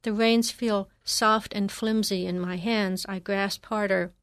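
A woman narrating a first-person memoir in a measured, reflective reading. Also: medium pitch, steady tone, no room sound, studio quality.

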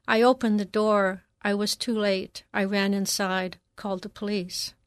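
A woman narrating a first-person memoir in a measured, reflective reading. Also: mid-range voice, flat delivery, no echo, clean studio sound.

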